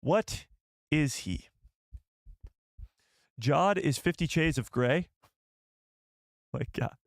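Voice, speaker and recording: Excitable man hosting a live stream. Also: a little high, very slow, no echo, studio quality. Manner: excitable, rambling, corrects himself often. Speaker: host.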